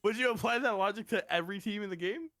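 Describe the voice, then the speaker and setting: A tired young man with a high voice, co-hosting a casual esports podcast. He giggles, teases and swears freely. The sound is dry and close. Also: quick pace, a bit bright, no echo. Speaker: podcast co-host. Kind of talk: casual chat.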